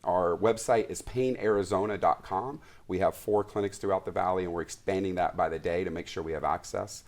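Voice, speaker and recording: A man's voice: low-pitched, brisk. A man, a physician guest on a morning show, speaking earnestly and steadily with some fillers. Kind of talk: interview.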